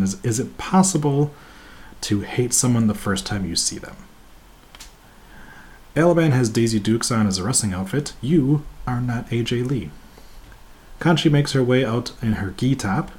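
A man's voice: mid-range voice, darkish tone. Sarcastic man reviewing wrestling matches. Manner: sarcastic, mocking, crude jokes. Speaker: podcast host reviewing wrestling. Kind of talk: scripted review with sarcastic asides.

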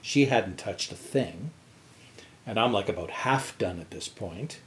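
A man's voice: on the low side, lively intonation, a little slow, fairly bright tone, slight background noise. A man co-hosting a podcast, telling a restaurant story in casual chat. He swears freely and acts out the quotes. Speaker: podcast co-host.

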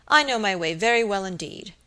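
A woman's voice: medium pitch, lively intonation, brisk, sharp tone. A woman reading a proper, stiff village surgeon. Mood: formal, indignant. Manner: formal, stiffly polite. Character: respectable older male village surgeon, proper and indignant. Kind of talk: audiobook character reading.

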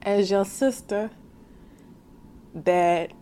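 A woman's voice: medium pitch, very slow, mellow, clear, resonant tone. A young woman hosting a faith podcast, speaking earnestly and casually to her listeners and calling them sis. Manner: casual slangy speech. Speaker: podcast host.

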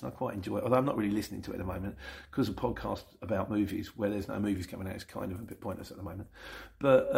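Gravelly middle-aged London man chatting. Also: on the low side, a little mellow. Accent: London English. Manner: chatty and rambling, with self-mocking asides. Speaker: YouTube channel host. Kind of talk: casual Sunday Q&A reading viewer comments.

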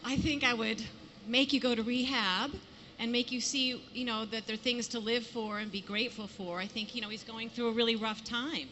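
An actress answers a question on a convention stage, theatrical and affectionate. Her voice is bright, mid-pitched, with a big hall's long reverb. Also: fairly even intonation, brisk, slight background noise. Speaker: panelist actress. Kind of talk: panel answer. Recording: reverb from a large hall.

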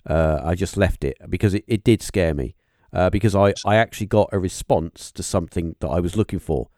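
A man hosting a podcast interview, talking in a halting, musing way with lots of fillers and restarts. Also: deep voice, warm tone, dry recording, clean studio sound. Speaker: podcast host. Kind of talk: casual interview chat.

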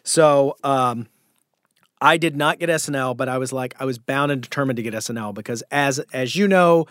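A man's voice: medium pitch, moderate pace, no echo, clean studio sound. A man guest telling a story in a casual interview, acting out the voices of the people in it. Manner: animated anecdote telling with acted-out quotes. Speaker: guest comedian and actor.

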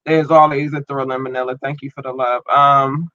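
A man hosting a podcast and online radio show, rambling casually and slangily through listener shout-outs while his eye is irritated and tearing up. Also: mid-range voice, flat delivery, normal speed, muffled recording. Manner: loose, rambling, slangy, repeats himself.

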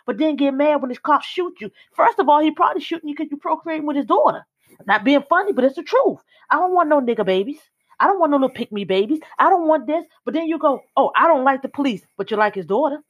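Blunt, high-voiced woman ranting emphatically. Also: highs cut off. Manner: blunt, emphatic, hammering repetition. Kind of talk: opinionated casual chat.

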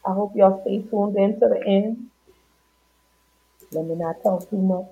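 A woman from Louisiana hosting a podcast in casual chat, playful and warm-hearted, singing out her greetings. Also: mid-range voice, a little slow, long pauses. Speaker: podcast host. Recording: dull lo-fi sound.

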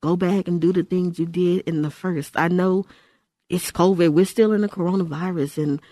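A woman's voice: lowish voice, steady tone, moderate pace, mellow, no echo. Older woman, Christian radio host, emphatic, exhorting; dry close studio sound. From Houston, Texas. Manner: emphatic, exhorting, repeats phrases. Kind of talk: radio ministry talk.

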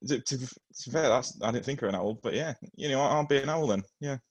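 A man's voice: medium pitch, fast talker, dry recording. A young man chatting on a casual podcast, hesitant and trailing off as he thinks aloud. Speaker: podcast co-host.

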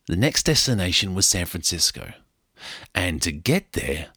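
A man's voice: low-pitched, big pitch swings, moderate pace, pushed and bright, slightly rough, dry recording, studio quality. A middle-aged man with an Australian accent tells a rambling travel story in a casual monologue, joking at his own expense. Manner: rambling, joking, self-mocking.

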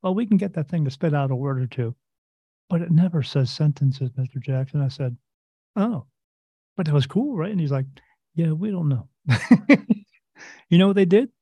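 A man's voice: fairly high pitch, animated, moderate pace, dark tone, slightly rough, dry recording. A man, a host and medium, telling a casual story in a rambling way and acting out what others said. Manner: rambling, acts out quoted voices. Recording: dull, dry lo-fi recording.

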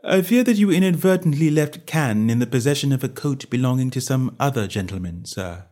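A man voicing a reserved, disapproving male valet who speaks formally and quietly, ending lines with a clipped "sir". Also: mid-range voice, animated, fairly quick, natural voice.

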